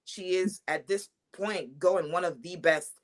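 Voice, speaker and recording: Confident trash-talking young woman, lowish voice. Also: unhurried. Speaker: wrestler and champion guest. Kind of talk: casual interview.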